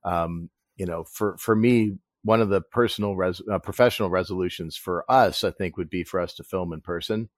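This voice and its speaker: Deep-voiced man, earnest and supportive. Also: moderate pace, few pauses, dry recording, studio quality. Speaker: podcast co-host. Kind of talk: casual podcast chat.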